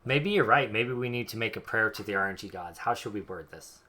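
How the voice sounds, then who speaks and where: A young man commenting casually on his game, joking and thinking out loud. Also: lowish voice, quick pace. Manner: joking, chatty, thinks aloud. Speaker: streamer.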